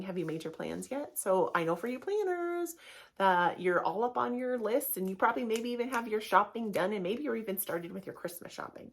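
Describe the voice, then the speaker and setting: A woman in her thirties hosting a casual solo podcast, talking in a chatty, candid way and often acting out quick voices. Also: mid-range voice, animated. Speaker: podcast host.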